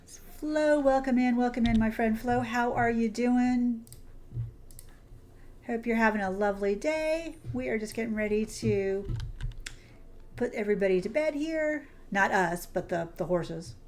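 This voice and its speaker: A woman's voice: a little high, unhurried, a little mellow, a little hiss or hum. A woman streaming a game, chatting casually and affectionately with her viewers, calling them sweetie and hon. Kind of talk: casual livestream chat while playing.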